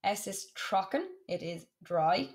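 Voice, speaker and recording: A woman's voice: mid-range voice, animated. Woman teaching German vocabulary. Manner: slow, careful modelling of German words, repeating for practice. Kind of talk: classroom lesson for students.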